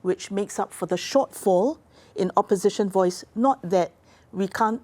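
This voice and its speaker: A woman, an expert guest explaining policy in a deliberate, formal and precise way. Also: medium pitch, darkish tone. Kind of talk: explanatory interview talk.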